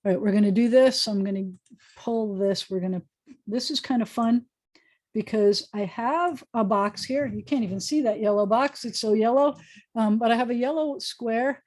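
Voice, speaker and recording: A woman's voice: a little high, normal speed, a little mellow. Patient woman rabbi teaching online. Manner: patient, explanatory, sounding out syllables. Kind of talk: online class lesson. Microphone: video call.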